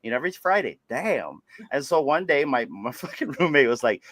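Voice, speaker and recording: Lively, profane man telling stories. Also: medium pitch, fast, dry recording. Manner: animated, profane, laughs often. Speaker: podcast host. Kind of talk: casual storytelling chat.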